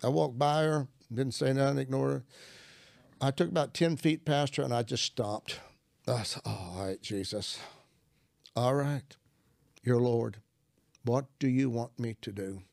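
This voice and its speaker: A man's voice: mid-range voice, steady tone, moderate pace, vocal fry, darkish tone, no room sound, studio quality. An older man, a minister, earnestly telling a personal testimony in conversation and acting out his prayers. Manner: earnest storytelling, acts out prayers.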